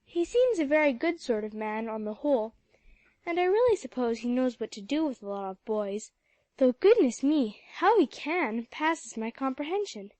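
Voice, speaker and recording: A woman voicing a fussy, warm-hearted old grandfather who talks emphatically. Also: sits high, expressive, normal speed, no echo. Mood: decided. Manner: emphatic, kindly, a little gruff.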